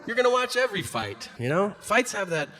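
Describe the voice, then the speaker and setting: A man performing a stand-up comedy set, telling stories and acting out other people's voices and shouts. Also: high-pitched, brisk. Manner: animated storytelling, acts out voices and shouts. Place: comedy stage before a live audience. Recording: live room with audience noise.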